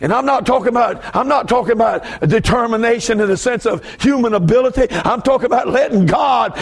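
A man with a Southern US accent preaching a fervent revival sermon as a guest preacher, dropping to low asides and rising to shouted bursts. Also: a little fast, creaky, hardly any pauses, slightly rough.

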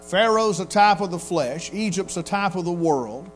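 A man delivers a sermon in a homespun, storytelling manner. His voice sits high, and he slips into little voices to act out what people say. A faint organ-like music bed and a mains hum run underneath. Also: animated, moderate pace. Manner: folksy Southern preacher, acts out quotes in voices. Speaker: pastor.

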